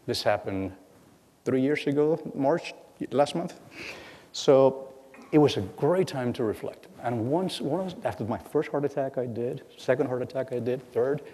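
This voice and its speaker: A middle-aged man giving a lecture as guest speaker, telling stories with halting repeats and acting out bits of dialogue. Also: medium pitch, expressive, dark tone, slight background noise. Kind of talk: lecture storytelling. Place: lecture hall. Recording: long hall reverb.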